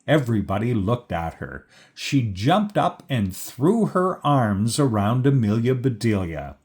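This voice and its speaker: A man reads a children's picture book aloud at a slow, lively pace, raising his pitch whenever he voices the characters.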